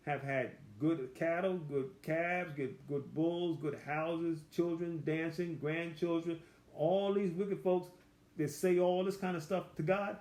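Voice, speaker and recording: A man leading a Bible study, reading verses slowly and with emphasis, then explaining them in plain, folksy everyday talk. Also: on the high side, a little mellow, echoey room. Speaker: Bible teacher. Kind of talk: conversational Bible study teaching.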